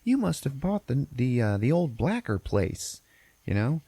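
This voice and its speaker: A man voicing a chatty, gossipy small-town woman who runs an ice cream shop, in a high falsetto. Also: sing-song, a little slow, warm tone, husky, no room sound, exaggerated voice.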